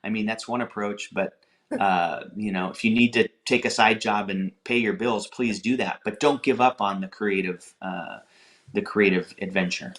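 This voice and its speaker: A man's voice: fairly low pitch, fairly even intonation, normal speed, a bit bright. A man, a film director guest, talking earnestly and encouragingly about his career in an interview. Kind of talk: casual interview chat.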